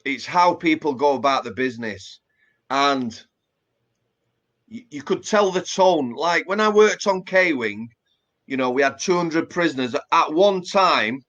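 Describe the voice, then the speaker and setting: Chatty Yorkshire man, slightly high voice. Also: lively intonation, a little slow, fairly bright tone, lo-fi sound. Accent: Yorkshire English. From Yorkshire, England. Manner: chatty, plain-spoken, many fillers and restarts. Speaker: former prison officer, guest. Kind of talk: casual interview chat.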